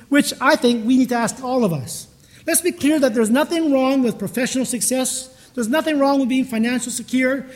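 A man pastor giving a conversational sermon, telling stories in a chatty way and often restarting his sentences. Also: extremely high pitch. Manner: storytelling, chatty, with frequent restarts.

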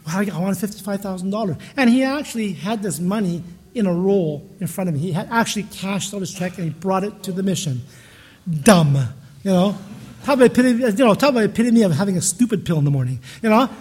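Speaking fast and animated in a high, darkish, slightly rough voice, a male pastor delivers a conversational sermon. He tells stories in a chatty way, often starting his sentences over.

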